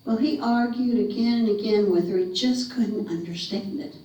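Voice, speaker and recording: A woman from North Carolina telling a ghost story dramatically, slowing and dropping to a whisper for suspense, in a living room of a retirement community. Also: medium pitch, warm tone. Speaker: folk storyteller. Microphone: room camera mic at a distance. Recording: echoey room, mic far off.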